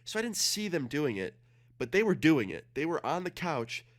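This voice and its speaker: A man's voice: fairly high pitch, big pitch swings. A young man streaming a game, telling a story in a casual, profane way and acting out the dialogue. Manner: fast, profane, acts out dialogue. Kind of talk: casual storytelling while gaming.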